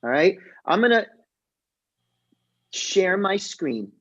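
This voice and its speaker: A young man, a rabbi, teaching a casual online class and retelling a story in a joking, lively way. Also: high-pitched, slow pace, muffled recording. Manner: lively, jokey retelling with voiced characters. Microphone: video call.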